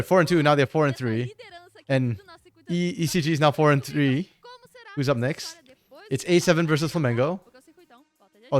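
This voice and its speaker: A man co-streaming an esports match, chatting casually and rambling, correcting himself as he goes. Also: a little high. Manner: rambling, self-correcting, chuckles often. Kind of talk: casual live-stream commentary.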